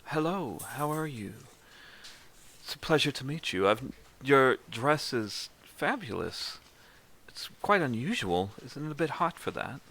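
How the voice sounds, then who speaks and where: A man's voice: medium pitch, big pitch swings, a little slow, pushed and bright, pitched above the performer's own voice, full character voice. A man voicing a snooty, upper-class woman at a party in a tabletop game, with a prying, condescending manner. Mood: gushing.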